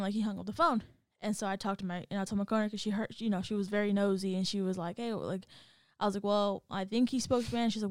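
A woman in casual chat, telling a story in an animated way, acting out what others said and laughing often. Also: medium pitch, fast talker, few pauses, no echo, studio quality.

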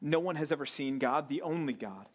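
Man preaching, fairly high voice, earnest sermon to a men's group. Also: animated, fairly quick. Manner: earnest preaching, swings between loud emphatic bursts and quiet low asides. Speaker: pastor. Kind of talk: sermon to a men's Bible study.

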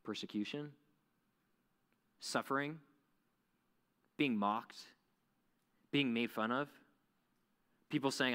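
Male youth pastor, casual animated delivery, reverberant hall sound. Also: medium pitch, takes it slowly, long pauses. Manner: conversational, animated, many "like" fillers. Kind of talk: youth sermon.

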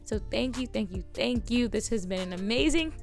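Effusive woman podcast co-host, gravelly. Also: on the high side, expressive, soft background music. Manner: effusive, warm thanks, drawn-out emphasis. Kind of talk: casual podcast chat.

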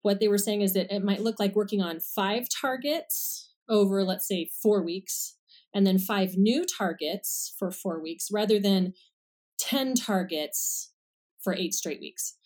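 A woman's voice: mid-range voice, measured pace, a little mellow. Woman clinician, podcast guest: casual, friendly step-by-step explainer. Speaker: speech-language pathologist guest.

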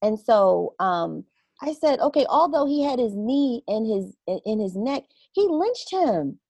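A woman in casual conversation, earnestly recounting what she saw and acting out her own reactions with animated asides. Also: a little high, a little slow, creaky, no room sound. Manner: earnest and reflective.

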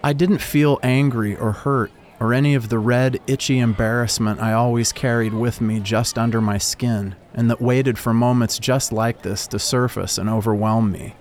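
A man narrating a first-person story in a calm, reflective way. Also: mid-range voice, moderate pace, few pauses.

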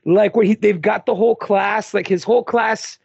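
A man on a casual film podcast with a high, lively voice and a gravelly, husky edge. He talks animatedly, swears and fills his speech with "like". The sound is dry and lo-fi. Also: moderate pace, no echo. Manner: animated, swearing, lots of "like" and "dude". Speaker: podcast co-host. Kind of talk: casual film review chat.

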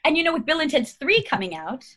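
A woman's voice: sits high, big pitch swings, fast, fairly bright tone. A middle-aged American woman, an actress guest, chatting in a rambling, bubbly way and laughing often. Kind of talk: casual interview chat.

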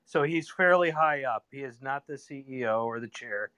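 A man's voice: medium pitch, normal speed, a crowd in the background. A man in a live chat room, explaining things and correcting the others. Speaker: caller. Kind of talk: casual debate.

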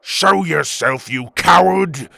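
A gravelly, contemptuous warlord snarls his words out slowly, as a man puts him on for an audio storybook. The voice is bright and tense on top of a husky rasp, and it swings up and down widely. The sound is dry and close. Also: mid-range voice, very animated, no room sound, full character voice. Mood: snarling. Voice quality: gravelly growl. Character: menacing gravelly male warlord Tuga.

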